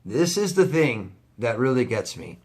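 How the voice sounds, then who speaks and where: A man's voice: mid-range voice, big pitch swings, unhurried, darkish tone. A man, a life coach, talking straight to camera in a vlog, blunt and heated, swearing often and repeating himself for emphasis. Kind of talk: direct-to-camera vlog rant.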